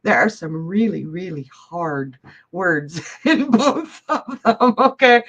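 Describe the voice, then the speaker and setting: A woman's voice: lowish voice, lively intonation, slow, a bit bright, breathy edge, low-quality recording. A woman hosting a live psychic stream, chatting bubbly with viewers and laughing often. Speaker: psychic hostess. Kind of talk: live-stream chat reading viewer comments.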